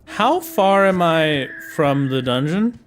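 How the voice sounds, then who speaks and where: A man's voice: fairly high pitch, lively intonation, slow. A man chatting casually with viewers while playing a game on a livestream, in a playful, jokey way. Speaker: streamer. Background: faint game music.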